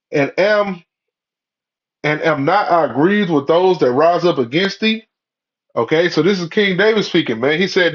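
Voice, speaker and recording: A religious commentator delivers a rambling, preachy monologue laced with profanity and constant "you know" and "man" fillers. His voice sits on the high side and moves at a normal speed. The audio is dull and lo-fi.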